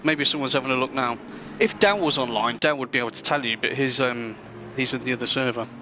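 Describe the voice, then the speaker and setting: Over a noisy background, a man talks quickly in a medium-pitched voice while hosting a sim racing stream. His commentary is chatty and rambling, full of friendly back-and-forth with chat.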